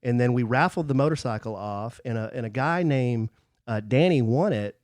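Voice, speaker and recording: A man swaps stories with his co-host on a casual podcast, warming up and getting animated as he recounts his trip. His voice sits at an ordinary middle pitch, and the sound is close and dry, with no room echo. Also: moderate pace. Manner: storytelling, animated when recounting. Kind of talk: casual chat.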